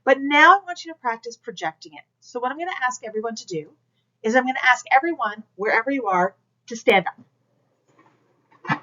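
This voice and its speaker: A woman instructor speaks to her class through a camera, coaching and direct in a slightly high voice. The recording is dull and lo-fi, like a plain lecture video. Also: lively intonation, moderate pace, pauses often, bright, forceful tone. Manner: direct, coaching, demonstrates projection aloud. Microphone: camera mic.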